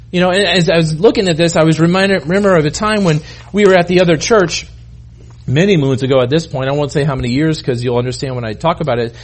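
Man, middle-aged, high voice, pastor, conversational sermon, restarts, acts out quotes. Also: fast.

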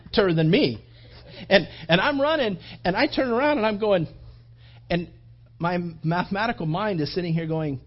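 A man preaching a sermon, telling a personal story in an animated way and acting out his own thoughts. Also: high-pitched, moderate pace, lo-fi sound. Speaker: pastor.

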